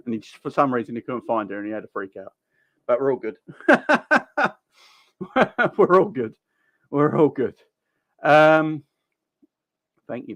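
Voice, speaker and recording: A man's voice: medium pitch, dry recording, muffled recording. A man in his thirties with a Cockney accent, hosting a casual football live stream from home, chatting and greeting viewers by name. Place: home, children in next room.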